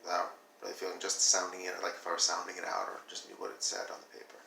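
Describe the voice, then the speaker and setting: A male teacher giving a video lesson, animated and demonstrating flat versus expressive reading aloud. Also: deep voice, fast talker, creaky, reverberant, distant mic, very noisy.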